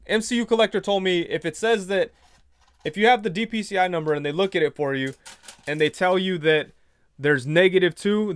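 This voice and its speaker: A man's voice: a little high, a bit bright, clear, resonant tone, no room sound, clean studio sound. A man hosting a casual livestream, reading viewer comments and telling rambling stories with quoted back-and-forth. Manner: rambling storyteller, retells conversations in quoted voices. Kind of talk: casual chat.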